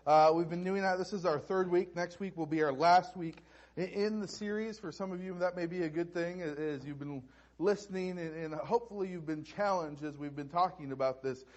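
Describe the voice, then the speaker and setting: High pitched guy preaching, lots of stammered restarts, kinda muffled lo-fi audio. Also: darkish tone. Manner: halting, many restarts and repeated words. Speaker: pastor. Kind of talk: sermon.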